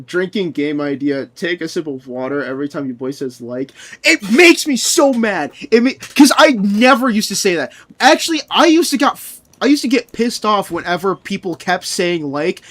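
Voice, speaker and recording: A man's voice: high-pitched, very animated, normal speed, hardly any pauses. A young man streaming, chatting casually with his viewers, answering chat and ranting with frequent laughter and swearing.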